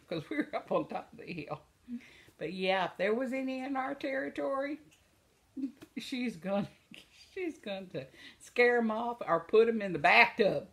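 A woman's voice: medium pitch, lively intonation, moderate pace, a bit bright. An older woman telling funny stories in a rambling, casual way, often breaking into laughter and circling back with asides. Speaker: vlogger. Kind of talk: casual storytelling.

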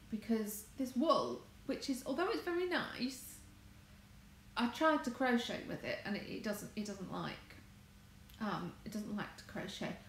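Her voice is on the high side as this English crafts vlogger, an adult married woman, chats on a livestream from her home conservatory. She's chatty, meandering and keeps correcting herself, and the echoey room carries faint background noise.

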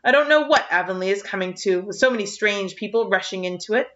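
A woman's voice: mid-range voice, expressive, fast talker, a bit bright, close to an everyday voice. A woman reading aloud voices a nosy older village woman who gossips in a disapproving way, recorded on a dull lo-fi track. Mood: gossipy.

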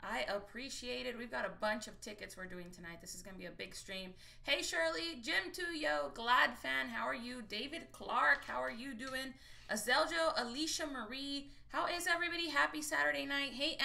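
A woman's voice: high-pitched, vocal fry, bright, forceful tone. A woman from Texas hosting a casual live stream from her phone at a table, upbeat and greeting viewers by name one after another. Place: at a table indoors.

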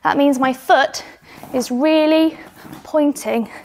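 A woman's voice: high-pitched, slow, darkish tone, a little hiss or hum. A young woman with a British accent coaching children through gymnastics exercises at home, encouraging and a little out of breath as she demonstrates. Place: home indoors.

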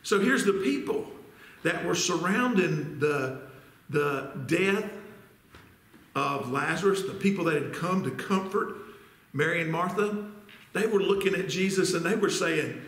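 A man preaching an earnest, deliberate sermon as pastor, asking rhetorical questions. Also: sits high, fairly bright tone, echoey room. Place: church sanctuary.

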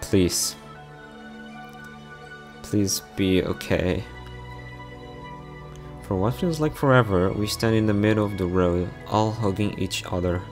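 A man reading a visual novel story aloud, narrating and voicing every part in a soft, heartfelt way. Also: fairly low pitch, brisk, hardly any pauses, music in the background.

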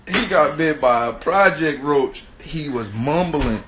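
A man's voice: medium pitch, expressive, unhurried, fairly bright tone, a little hiss or hum. A man in his thirties telling a story in casual street slang, laughing often and repeatedly asking "right?". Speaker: host.

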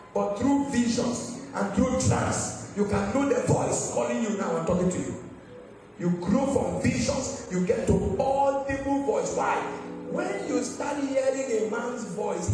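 The speaker is a male pastor whose very high voice carries a darkish tone as he preaches emphatically, trading call-and-response lines and rising in a sing-song way. He speaks at a moderate pace, recorded from a distance in an echoey hall with soft music.

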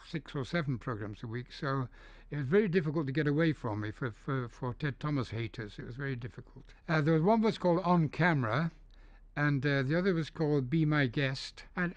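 A man's voice: medium pitch, dry recording. An older man from the north of England with a neutralized mid-Atlantic English accent, telling stories in an interview with many ums and restarts. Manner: storytelling, hesitant with frequent ums and restarts. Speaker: interviewee, dubbing studio founder. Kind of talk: relaxed anecdotal interview. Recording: dull, dry lo-fi recording.

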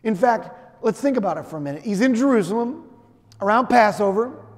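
Speaking fairly quickly in a high, expressive voice, a middle-aged male pastor delivers his sermon as conversational storytelling with acted-out asides. The church sanctuary lends a long hall reverb.

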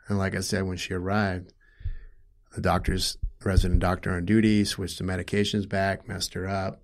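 A middle-aged man with a somewhat low voice recounts a hard family story in conversation. He speaks haltingly and with feeling, restarts his sentences, and turns loud and heated when upset. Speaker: guest telling his story. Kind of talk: personal storytelling in an interview.

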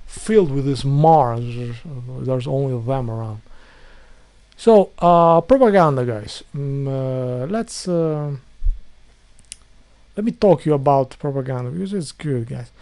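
A man's voice: medium pitch, expressive, a little slow, dark tone, no room sound. A man delivering an angry ranting monologue to viewers, full of insults, repetition and stumbling restarts. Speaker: video blogger.

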